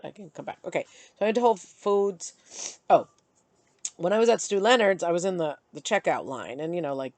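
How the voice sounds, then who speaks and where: A middle-aged woman vlogging, chatty and animated as she tells and vents about her day. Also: sits low, gravelly, dry recording. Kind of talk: casual storytelling to camera.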